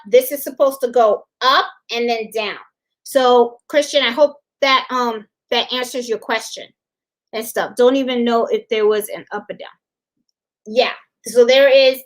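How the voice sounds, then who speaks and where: A woman hosting a casual live crafting demonstration, chatty and a little hoarse, often checking in with viewers with "okay?". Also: fairly high pitch. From Puerto Rico. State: slightly hoarse. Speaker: crafting livestream host.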